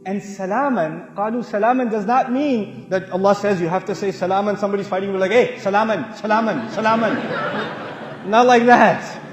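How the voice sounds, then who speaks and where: High-pitched animated male preacher. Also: fairly quick, hardly any pauses, echoey room, long reverb tail, a crowd in the background. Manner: animated storytelling with humor, shifting between loud and soft. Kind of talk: lively religious talk.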